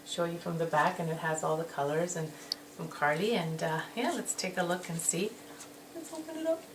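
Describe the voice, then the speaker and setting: A woman's voice: deep voice, normal speed. Gushing woman vlogger, echoey and distant. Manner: gushing, excitable, repeats "so excited". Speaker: beauty vlogger. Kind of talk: casual haul video. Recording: roomy echo, distant mic, noisy background.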